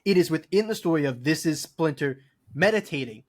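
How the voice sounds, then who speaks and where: A man's voice: fairly high pitch, animated, fairly quick, a little mellow. A man co-hosting a podcast in casual chat, enthusiastic and full of "like" fillers. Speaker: podcast co-host.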